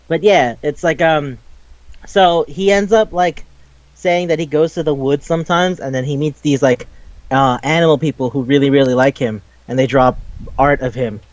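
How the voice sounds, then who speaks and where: Young man, animated, raises his voice for game quotes, a little high, muffled lo-fi mic, dry sound. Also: no room sound. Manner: animated, swearing, acting out game dialogue. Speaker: podcast co-host. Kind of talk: casual game discussion.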